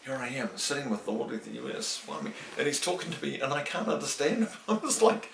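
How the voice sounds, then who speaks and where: A man's voice: medium pitch, quick pace, vocal fry, few pauses, a little hiss or hum. Distant-sounding man telling a story. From New Zealand. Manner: animated, acts out quoted dialogue, many restarts. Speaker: interviewee. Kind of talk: casual storytelling interview. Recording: roomy, distant from the mic.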